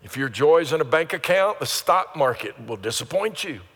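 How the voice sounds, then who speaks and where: A man's voice: on the high side, sing-song, normal speed, fairly bright tone. An older man preaching a sermon as pastor, earnest and repetitive, building to emphatic peaks. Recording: sermon in a reverberant church hall.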